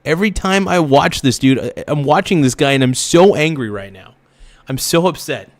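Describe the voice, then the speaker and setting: A man's voice: on the high side, expressive, moderate pace, dry recording. A man hosting a reaction video, ranting angrily with heavy swearing and repeated phrases. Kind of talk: angry reaction commentary.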